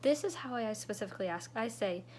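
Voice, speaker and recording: A woman's voice: animated, quick pace, a little mellow, slight background noise. A woman giving a casual how-to talk on sales, checking in with her listeners and acting out the lines she uses with customers. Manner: chatty, checks in with "okay?", acts out her sales pitches. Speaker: direct sales consultant. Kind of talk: instructional talk to sales reps.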